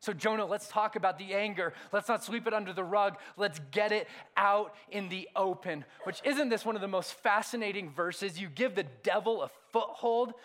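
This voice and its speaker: A pastor preaching a sermon, swinging from hushed, intimate lines to loud emphatic ones and asking the congregation rhetorical questions. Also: male voice, sits high, moderate pace, hardly any pauses.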